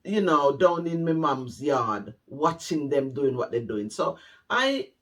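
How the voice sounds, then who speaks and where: A man's voice: on the high side, very animated, slow, fairly bright tone. A middle-aged Jamaican man telling his life story to camera, heartfelt and repeating phrases for emphasis. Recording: voice a bit distant from the mic.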